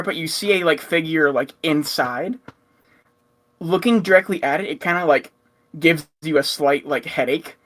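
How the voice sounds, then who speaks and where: A man's voice: on the high side, a bit bright. A man narrating a tabletop game as game master, rambling with many fillers and frequent laughs.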